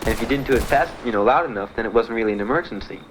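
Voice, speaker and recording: A rough recording with slight background noise captures a young American man from Miami talking very fast at medium pitch. He is a veteran giving candid spoken testimony, telling his story in a blunt, matter-of-fact manner with dry laughs.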